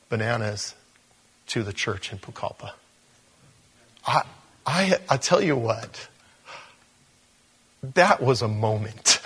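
Animated storytelling male preacher. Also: medium pitch, husky. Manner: animated, with stumbles and restarts. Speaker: pastor. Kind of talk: sermon storytelling.

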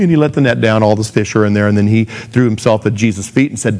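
A man's voice: on the low side, steady tone, fast, hardly any pauses, darkish tone. A man preaching a sermon in a casual, conversational way, acting out the voices of the people he quotes. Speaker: pastor.

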